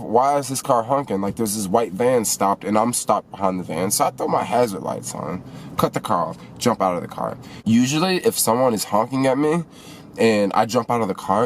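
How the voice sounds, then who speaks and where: A man's voice: medium pitch, slight background noise. A man who works as a delivery driver, casually vlogging and animatedly telling a story about his day on the road. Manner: animated, retells events with quoted dialogue. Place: in and around a car in a city.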